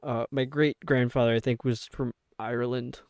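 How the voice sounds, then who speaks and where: A man's voice: mid-range voice, steady tone, moderate pace, darkish tone, no echo, studio quality. A young man with a New York accent, chatting casually on a live stream in a rambling way, with lots of filler words. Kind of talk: casual chat while gaming.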